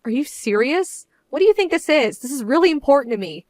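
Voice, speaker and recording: An actress playing a young bride-to-be who answers her fiancé in a firm, measured, indignant way. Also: high-pitched, sing-song, a little mellow, dry recording. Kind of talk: dramatized story voice acting.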